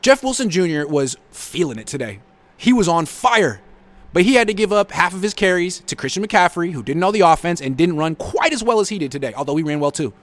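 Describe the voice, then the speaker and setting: A man's voice: high-pitched, animated, brisk, a bit bright. A man hosting a live sports reaction show, reading viewer comments and answering with blunt sarcasm.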